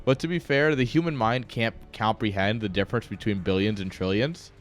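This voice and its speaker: A man's voice: on the low side, a little fast, faint music behind. A man casting a strategy game on a live stream, rambling off-topic, joking and swearing freely. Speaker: game caster. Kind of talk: casual live-stream commentary.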